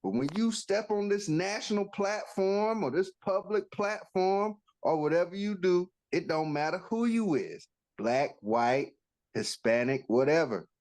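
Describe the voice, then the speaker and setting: A man's voice: sits high, animated, a little slow, darkish tone. A man co-hosting a casual sports podcast, making his points bluntly. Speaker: podcast co-host.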